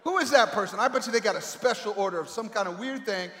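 A man preaching a sermon with emphatic delivery and dramatic pauses, swinging between loud calls and quiet asides. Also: sits high. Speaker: pastor. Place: large echoey hall. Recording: echoey hall with long reverb.

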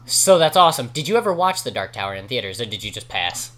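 A man's voice: mid-range voice, sing-song, fast talker, a bit bright. A man in a casual podcast chat, giving rambling, opinionated explanations.

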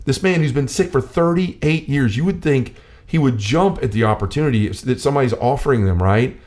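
A man talks through scripture in a relaxed faith discussion. His voice sits in a middle range. He is earnest and personal, trips over his words and restarts, and acts out the lines he quotes. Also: mid-range voice, moderate pace. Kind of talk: casual Bible discussion.

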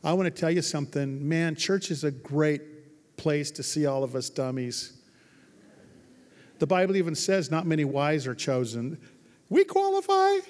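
A male pastor delivers an emphatic sermon with a fairly high-pitched voice. He drops to hushed lines and rises to loud, driving ones. The sound carries the long reverb of a large church hall.

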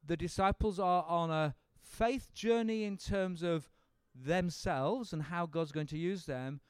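A man teaching a Bible seminar, animated and acting out the speakers in the story. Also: on the high side, a little slow, smooth, dry recording. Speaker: preacher leading a seminar. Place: seminar room with an audience.

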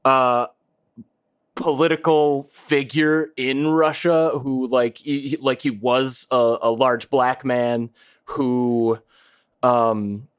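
A man's voice: mid-range voice, steady tone, takes it slowly, clean tone. A man co-hosting a podcast, laid-back and hesitant, trailing off and restarting his thoughts. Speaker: podcast co-host. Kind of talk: casual chat.

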